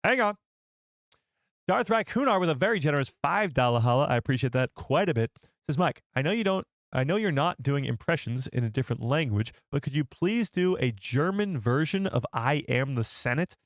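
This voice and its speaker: A man's voice: on the high side, lively intonation, a little fast, dry recording, clean studio sound. Chatty man hosting a live stream. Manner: chatty, rambling, self-correcting. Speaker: host of a live show. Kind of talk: casual live-stream commentary.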